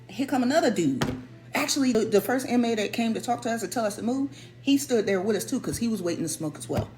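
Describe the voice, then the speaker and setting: A woman telling a personal story in a casual, animated way, stressing and repeating her points. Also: fairly high pitch, quick pace, soft background music. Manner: animated, emphatic, repeats key phrases.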